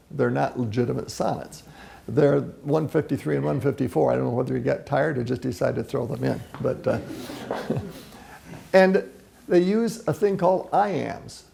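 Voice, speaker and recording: A man lecturing on poetry with a very gravelly, husky voice and a dark, mellow tone. He explains things step by step and chants rhythms out loud to show them. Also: medium pitch. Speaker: presenter.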